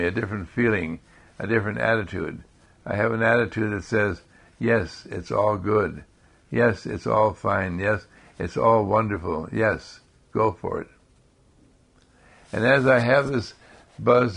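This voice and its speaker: A man giving a calm spiritual talk in slow, repetitive affirmations. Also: on the low side, gravelly. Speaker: spiritual speaker.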